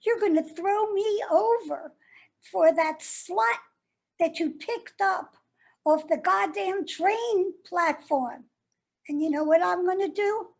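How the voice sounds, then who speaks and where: A woman playing a bitter, wounded jilted lover, very high-pitched. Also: takes it slowly, creaky, exaggerated voice. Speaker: actor performing a monologue. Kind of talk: stage monologue.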